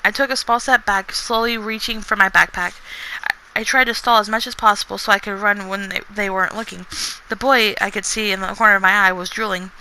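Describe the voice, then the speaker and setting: A woman's voice: mid-range voice, steady tone, a little fast, pushed and bright, slight background noise, poor audio. A woman reading a chapter of her own book aloud, often stumbling and restarting words and stopping to comment on her writing. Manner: stumbling reading with frequent restarts and self-corrections. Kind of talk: casual read-aloud of a story chapter.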